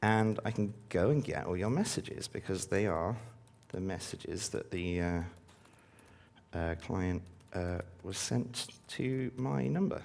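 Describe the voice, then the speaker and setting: A man's voice: low voice, slow, creaky, a little mellow. A man giving a casual live-coding talk to a conference audience, full of ums and uhs. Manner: casual, filler-heavy, upbeat when engaging audience. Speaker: conference speaker.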